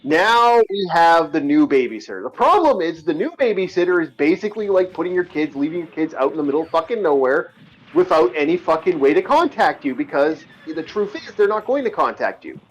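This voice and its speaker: A man's voice: on the high side, expressive, fairly quick, dull audio. A man co-hosting a podcast in casual chat, telling rambling stories with lots of restarts and swearing. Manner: rambling storyteller, repeats and restarts, swears freely. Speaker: podcast co-host.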